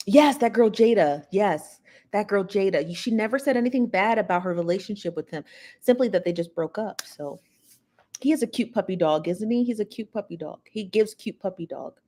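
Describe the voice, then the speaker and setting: A woman's voice: mid-range voice, lively intonation, a little fast, mellow. A woman with a mid-range voice hosts a loose gossip livestream from a home setup. She rambles in a chatty way, laughs often and teases her viewers directly. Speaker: livestream host. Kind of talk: casual celebrity gossip livestream.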